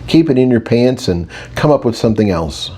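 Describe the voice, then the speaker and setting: A man's voice: mid-range voice, animated, fairly quick, dark tone, husky. A man reading an audiobook, voicing a prim, disapproving male inner voice with a British lilt. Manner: snippy, scolding.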